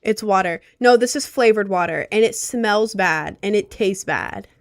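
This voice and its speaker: A young woman streamer whose natural voice sits on the low side, chatting casually and reacting aloud to her chat. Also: expressive, normal speed. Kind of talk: casual livestream chat reading comments.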